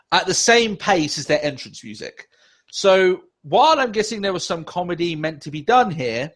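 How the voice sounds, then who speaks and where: A man co-hosting a casual podcast, ranting with lots of swearing and sarcasm. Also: high voice. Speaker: podcast co-host.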